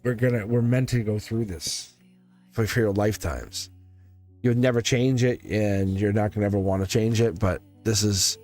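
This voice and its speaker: Guy doing tarot on a livestream, kinda low voice, rambles and repeats himself, emotional, music faint behind. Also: normal speed, darkish tone. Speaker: tarot reader streaming live. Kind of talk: live-stream tarot reading to chat viewers.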